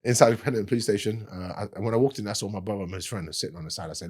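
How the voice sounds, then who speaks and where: Podcast guest, London man, rapid husky delivery, lower voice, street slang storyteller. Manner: animated, laughing, fast street slang. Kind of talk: casual storytelling.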